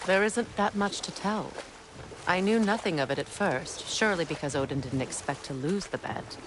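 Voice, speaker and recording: Sardonic proud queen mother, a woman doing her, low and measured, game cutscene. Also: animated, natural voice. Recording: game audio with clear ambient noise.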